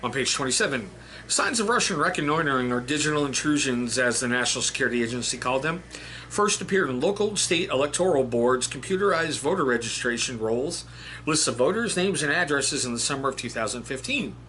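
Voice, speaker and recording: Man, casual book review, blunt and chatty, bright voice, faint hiss. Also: medium pitch, lively intonation, a little fast.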